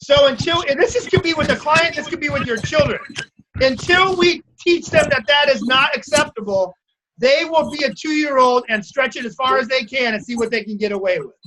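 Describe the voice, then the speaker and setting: A man's voice: very high-pitched, normal speed, background noise. A man leading a group coaching call over video, telling stories and checking in with his listeners for agreement. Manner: storytelling, asks the group for agreement. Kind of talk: casual group coaching talk.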